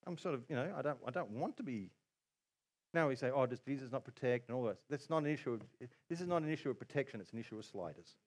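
A man preaching a sermon, animated, often acting out quotes in other voices. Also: mid-range voice, quick pace. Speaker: pastor.

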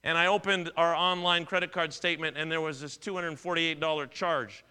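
A middle-aged man gives a sermon in a high, bright voice. He talks in an easy, conversational way, weaves in stories from his own life, and often stumbles and repeats words as he goes. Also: fairly even intonation, brisk, clear, resonant tone. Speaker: pastor.

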